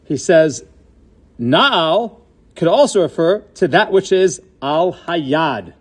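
Guy with a high voice teaching torah, keeps asking questions then answering them, drops hebrew words in. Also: animated, takes it slowly, breathy edge. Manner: mixes Hebrew and Yiddish-style terms into English. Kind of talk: Torah class lecture.

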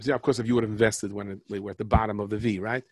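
Talking very fast, this man tells jokes and parables in a loose, chatty style, frequently breaking off mid-thought and restarting. His voice is fairly low, level in tone, and a little mellow, and there's no echo.

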